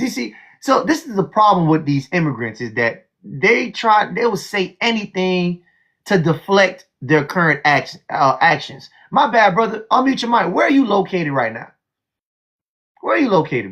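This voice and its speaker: A man with a husky, notably high voice runs a heated call-in livestream. He talks loud and profane, mocks his callers and piles up repeated words. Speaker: livestream host.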